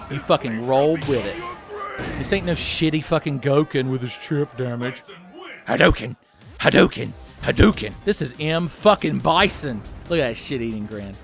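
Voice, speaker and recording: A young man giving casual, profane commentary while playing a fighting game, often shouting his special moves. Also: fairly high pitch, moderate pace, music in the background. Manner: excitable, profane, yelling move names. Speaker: let's-play commentator.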